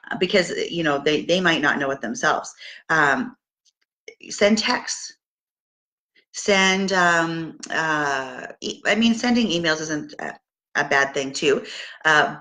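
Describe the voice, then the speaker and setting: A middle-aged woman from Canada coaching her sales team in an upbeat, casual talk. Her voice sits low but sounds bright and forceful. She stops and restarts often and fills pauses with ums. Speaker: direct sales team leader.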